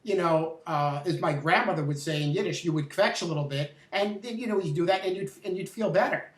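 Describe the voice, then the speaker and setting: A middle-aged host talks loosely and thinks aloud, stumbling into restarts and filler words. The voice sits at a middle pitch. It sounds set back from the microphone, with a roomy echo. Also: fairly quick. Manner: rambling, with restarts and "uh". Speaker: interview host. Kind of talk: conversational interview. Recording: echoey, distant from the mic.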